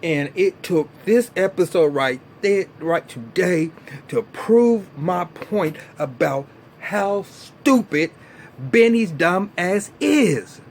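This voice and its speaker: A man giving a casual vlog review of a TV episode, ranting in an animated, profane and exasperated way. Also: sits high, takes it slowly, a little hiss or hum. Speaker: TV show reviewer.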